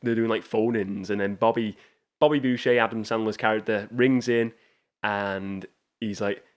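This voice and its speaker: A man's voice: on the low side, steady tone, normal speed. A man hosting a casual film review show, talking enthusiastically with frequent restarts and rambling asides. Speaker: movie show host.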